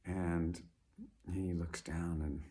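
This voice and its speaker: Low, slow, gravelly storyteller man. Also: little pitch movement, warm tone. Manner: unhurried, with fillers and restarts.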